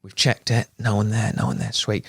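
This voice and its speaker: An English man with a fairly low voice tells an animated story on a podcast, full of asides and put-on voices. The mic is close and the sound is dry. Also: brisk, gravelly, husky, no echo. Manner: animated anecdote teller, laughs, mimics voices. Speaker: videographer. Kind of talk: casual storytelling chat. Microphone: studio podcast mic.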